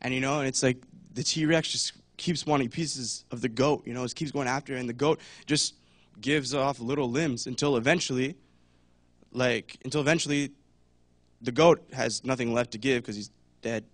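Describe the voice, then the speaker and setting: A man's voice: medium pitch, steady tone, normal speed, no echo. A young man giving a casual talk at church, chatty, with many fillers, and acting out voices now and then. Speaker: church speaker.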